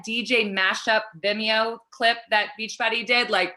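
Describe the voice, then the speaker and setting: A woman in her thirties, a fitness coach talking fast and excitedly as a guest on a call interview. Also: on the high side. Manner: excited, fast-flowing, pep-talk energy.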